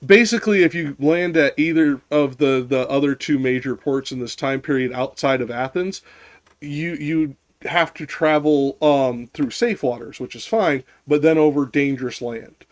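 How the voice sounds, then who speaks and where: A man's voice: on the high side, moderate pace. A man in casual chat who explains at length, rambling with restarts and casual swearing.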